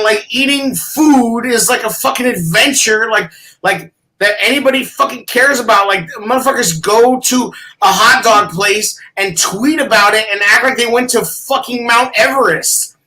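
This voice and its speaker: Bright-voiced woman ranting with profanity. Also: a little high, moderate pace, hardly any pauses, recorded from a distance, poor audio. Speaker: podcast co-host. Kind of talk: casual podcast chat.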